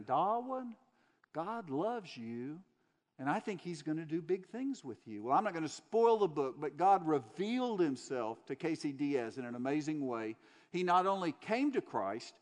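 Preacher guy, voice sits a bit high, earnest storytelling, hammering points with repeats, big echoey church hall. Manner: earnest storytelling, emphatic repetitions. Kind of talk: sermon. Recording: long hall reverb.

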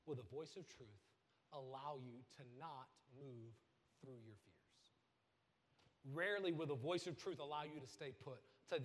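A man preaching a sermon, swinging from loud bursts to hushed lines. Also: fairly high pitch, long reverb tail. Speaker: pastor.

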